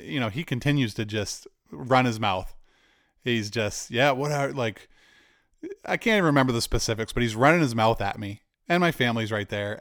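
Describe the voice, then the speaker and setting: A man's voice: medium pitch, fairly bright tone, dry recording, studio quality. A man, likely in his forties, telling a candid personal story in a conversational way with asides. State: cancer patient.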